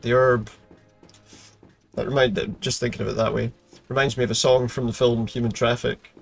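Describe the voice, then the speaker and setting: A man's voice: steady tone, brisk, creaky, soft background music. A man giving casual, rambling, jokey commentary over a video game. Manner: rambling, jokey, low-key. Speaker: gaming video host. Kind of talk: casual let's-play commentary.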